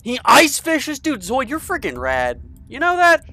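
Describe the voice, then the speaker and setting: A man streaming a co-op game with friends, chatting excitedly and explaining things at length. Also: extremely high pitch, unhurried, rough recording. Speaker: gaming streamer. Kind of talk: casual co-op game chat.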